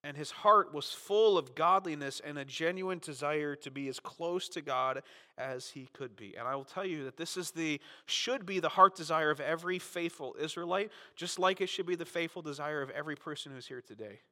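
Bright-voiced preacher in a reverberant hall. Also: male voice, on the high side, normal speed. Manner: conversational, often adds "right?"; dramatizes quotes with big swings in loudness. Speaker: pastor. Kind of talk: sermon. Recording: long reverb of a large hall.

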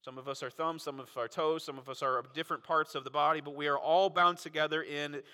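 A man preaching a sermon as pastor, animated and full of rhetorical questions. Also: on the high side, fast, clear, resonant tone. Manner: animated, frequent rhetorical "right?" asides. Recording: long reverb of a large hall.

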